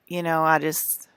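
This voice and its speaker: Her voice is low and gravelly yet fairly bright, recorded dry, as the young woman vlogs to camera. She rambles casually and repetitively, often restarting and leaning on filler words.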